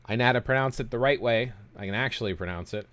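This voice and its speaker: A man's voice: medium pitch, fast talker, fairly bright tone. A young man hosting a gaming livestream, chatting casually with viewers in a rambling way that keeps circling back on itself. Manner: rambling, self-interrupting storyteller.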